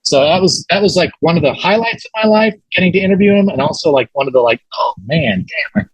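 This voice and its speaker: A man with a husky, slightly breathy voice tells a story as a podcast guest. He talks casually and animatedly, acting out what others said, with plenty of fillers. The sound is dry and close to the mic. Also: high-pitched, fast talker, dry recording, highs cut off. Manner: animated retelling with quoted voices, many fillers.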